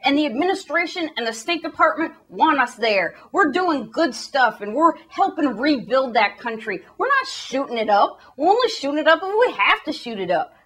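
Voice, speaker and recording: A woman's voice: high-pitched, very animated, moderate pace, hardly any pauses, a bit bright. A woman putting on a blustering, defensive male company chairman in a comedy news sketch.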